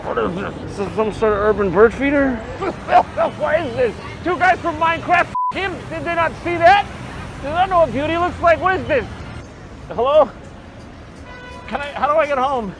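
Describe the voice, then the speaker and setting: A man's voice: very high-pitched, normal speed, over a noisy crowd, very noisy, pitched above the performer's own voice. A man doing a frantic, stammering liquor executive. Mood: bewildered. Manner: panicky, stammering.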